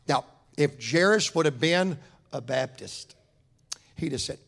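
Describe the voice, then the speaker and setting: A man preaching a church sermon, swinging between loud fervent cries and quiet, soft-spoken stretches. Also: a little high, lively intonation, unhurried, gravelly, pauses often. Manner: fervent preaching with rising shouts and soft drops.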